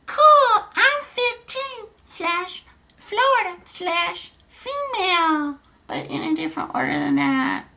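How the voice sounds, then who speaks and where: Guy doing a super high squeaky teen girl, slow and drawn out, squealy. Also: animated, gravelly, sharp tone, exaggerated voice. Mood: bubbly.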